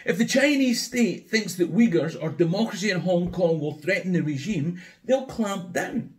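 Wry Scottish man, lively pitch. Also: normal speed. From Scotland. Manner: wry, sardonic, building to mock outrage. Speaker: history tour guide. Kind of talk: scripted history commentary to camera.

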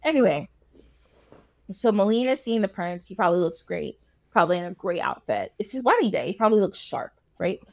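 A woman's voice: mid-range voice, very animated, fairly quick, creaky, darkish tone. A woman podcast host casually retelling a fairy tale, laughing often and acting out the characters. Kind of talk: casual storytelling chat.

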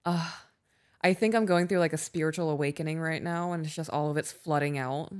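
A woman's voice: sits low, brisk, a little mellow. A woman co-hosting a podcast in casual chat, candid and emotional, swearing freely. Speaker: podcast co-host.

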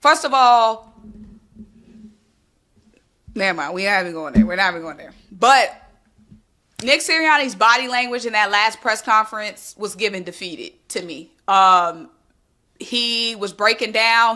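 A woman's voice: medium pitch, measured pace, pauses often, sharp tone. A woman hosting a casual sports talk vlog, sassy and emphatic, repeating her points for effect. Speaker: sports commentary host.

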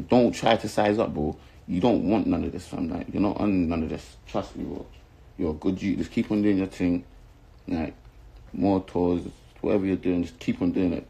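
A young rapper from London, England, with a South London accent, gives an angry to-camera rant full of insults and swearing that loops back on itself. His voice sits low and is creaky, mellow, and husky, on a rough recording.

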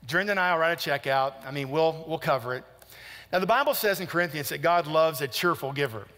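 Middle-aged male pastor; emphatic preacher who repeats and asks questions, bright ringing voice, long reverb of a hall. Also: fairly high pitch, a little fast. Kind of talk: sermon.

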